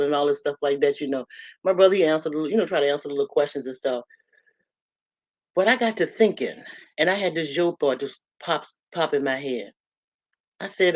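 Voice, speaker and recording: A woman's voice: sits low, brisk, darkish tone, dull audio. Blunt, earthy woman hosting a livestream. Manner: blunt, earthy, storytelling with lots of "you know" and "y'all". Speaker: livestream host. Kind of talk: casual motivational talk. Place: her own room at home.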